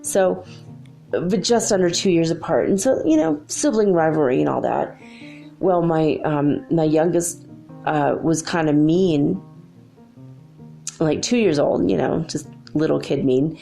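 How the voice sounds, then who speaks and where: Low gravelly woman, chatty and rambling. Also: a little slow, warm tone, faint music behind. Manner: rambling, chatty, with many fillers. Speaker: spiritual channel host. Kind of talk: casual spoken monologue.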